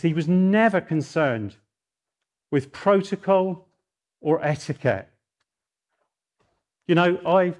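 A middle-aged man preaching a sermon, telling stories in a lively way and rising into mock outrage. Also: a little high.

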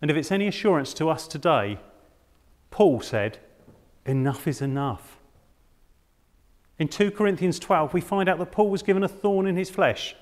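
Male preacher with a dramatic, emphatic sermon style and a somewhat high voice, recorded in a hall with long reverb. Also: animated, fairly quick. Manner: dramatic, emphatic, with rhetorical questions.

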